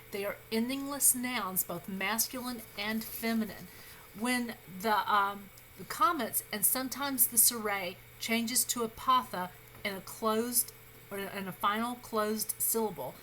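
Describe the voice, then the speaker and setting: A woman's voice: medium pitch, bright, forceful tone, a little hiss or hum, poor audio. A woman instructor giving a recorded grammar lecture, patient and reassuring, with frequent fillers and small self-corrections.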